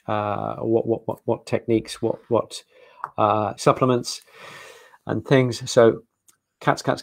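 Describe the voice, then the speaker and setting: A man's voice: medium pitch, dry recording. A man, a veterinarian giving a live online presentation with slides, chatty and enthusiastic with self-mocking humor.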